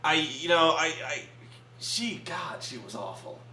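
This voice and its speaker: A man reviewing a film in casual chat at a friend's house, animated and profane, stammering through restarts. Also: a little high, unhurried. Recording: echoey room with faint hum.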